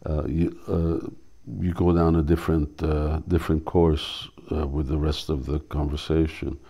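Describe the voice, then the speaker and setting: A man, a spiritual teacher, reading a drama aloud and explaining it, halting as he searches for words. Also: a bass voice, level tone, dark tone.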